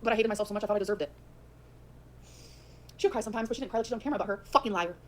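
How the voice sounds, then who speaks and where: A woman livestreamer venting about a relationship in rapid, emphatic storytelling that repeats its lines. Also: medium pitch, a little hiss or hum.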